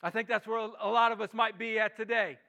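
A man with a Midwestern American accent preaching an earnest sermon at a church service, repeating words and rising to loud pleas. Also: high-pitched, steady tone, fairly quick, gravelly. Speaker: pastor.

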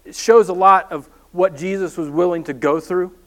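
Brief: male pastor, higher-pitched voice, lively storytelling sermon with self-deprecating humor. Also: moderate pace.

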